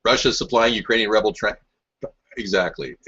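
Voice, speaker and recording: A man's voice: lowish voice, a little fast, a bit bright, slightly rough, lo-fi sound. A man hosting a rambling political talk show, answering live chat in a combative, mocking and sarcastic way.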